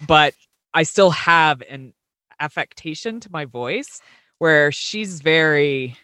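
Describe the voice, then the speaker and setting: A man from Texas co-hosting a podcast, talking in a measured, explanatory way in casual chat. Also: fairly high pitch, lively intonation, sharp tone, smooth, no room sound, clean studio sound. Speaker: podcast co-host.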